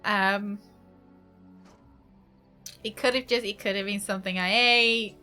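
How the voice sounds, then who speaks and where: A woman streaming a game from home, chatting casually, laughing often and switching into a high baby voice for her dog. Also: fairly even intonation, measured pace, bright, forceful tone, soft background music. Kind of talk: casual live-stream chat.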